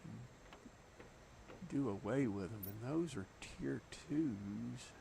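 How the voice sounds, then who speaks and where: A man's voice: mid-range voice, slow pace, gravelly, mellow, slight background noise. A middle-aged man with a Southern US accent, chatting casually and telling stories while streaming a game. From southeastern United States. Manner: chatty storyteller, chuckles often. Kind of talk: casual chat while gaming.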